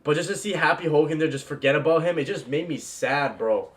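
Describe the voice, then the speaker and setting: A young man gushes about a film he loved, in an excited and casual reaction style. His voice sits a little high, and he keeps throwing in "bro" and "man" as he talks. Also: fairly quick. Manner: gushing, repeats "bro" and "man", bursts into yells. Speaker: movie reaction vlogger.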